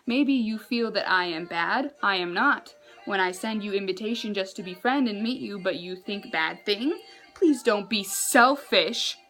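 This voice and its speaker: A woman voicing a pushy male online suitor who writes in broken English, read slowly and flatly. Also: soft background music. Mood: pleading. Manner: insistent, clumsy phrasing, slow and low.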